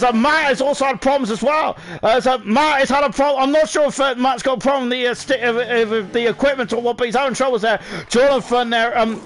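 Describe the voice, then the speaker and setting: High-pitched excitable male race commentator. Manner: excitable, rising to shouts at crashes, many fillers and tag questions.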